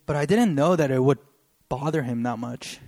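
A young man giving a sermon and sharing a personal story, talking earnestly and haltingly with many pauses, choked up with emotion. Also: medium pitch, a little mellow. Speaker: preacher.

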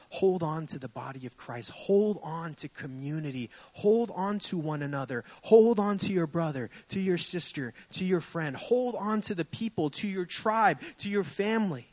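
Young man, pastor, impassioned sermon, church sanctuary, slightly high voice. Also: poor audio. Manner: impassioned, rising and falling in emphasis.

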